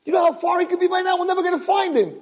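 A man doing the voice of a panicking male horse owner who yells in a frantic rush. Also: racing, in a large hall. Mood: panicked. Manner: shrill, frantic yelling.

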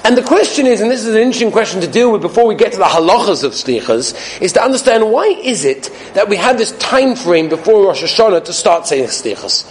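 A man teaching a religious class, telling a parable with acted-out quotes and a lively, laughing manner. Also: high-pitched, quick pace, hardly any pauses. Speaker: rabbi giving a Torah class. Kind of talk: sermon with a told parable.

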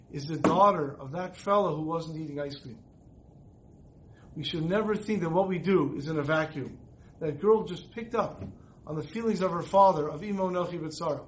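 Male Torah teacher, high voice, storytelling and acting out the lines. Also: a little hiss or hum. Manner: storytelling, acts out dialogue. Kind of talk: recorded Torah class.

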